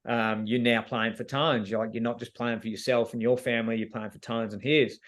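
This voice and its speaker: An Australian man speaks as a guest in a relaxed interview, openly recounting an emotional episode. He slips into the voices of the people he quotes as he goes. His voice sits at an ordinary middle pitch for a man. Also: fairly quick. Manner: candid, emotional retelling that acts out quoted dialogue. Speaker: reality show contestant as guest. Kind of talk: casual storytelling interview.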